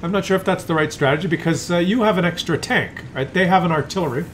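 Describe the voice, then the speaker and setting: A man's voice: high voice, quick pace, a little hiss or hum. Chatty man commentating a tank game. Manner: chatty, laughs at players, asides to viewers. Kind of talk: casual gameplay commentary.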